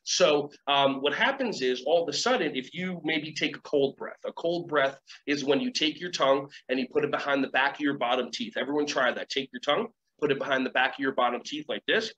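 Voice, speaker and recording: A man leading a casual webinar lesson from home, energetic and rambling, acting out quoted voices and guiding breathing exercises. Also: medium pitch, fairly quick, few pauses. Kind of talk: casual teaching talk with guided exercises. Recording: dull lo-fi sound, faint ambience.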